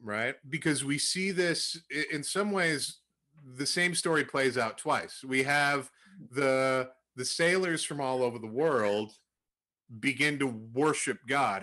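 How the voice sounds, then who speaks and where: A young man casually retelling a Bible story to a group, acting out the quotes with animated jumps in his voice. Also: a little slow. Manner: animated storytelling, acts out quotes with rising pitch. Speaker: Bible study leader.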